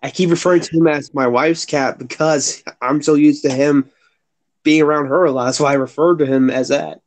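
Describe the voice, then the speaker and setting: A man's voice: a little high, steady tone, normal speed. A man from the United States chatting casually and jokingly with the host. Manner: jokey, laughs often.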